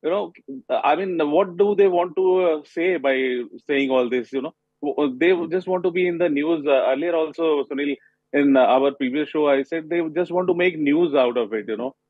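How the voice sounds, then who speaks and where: A man being interviewed live on a TV panel as a cricket coach, speaking haltingly with many pauses. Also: a little high, husky, no room sound. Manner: halting, pausing often with fillers. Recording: tinny phone line.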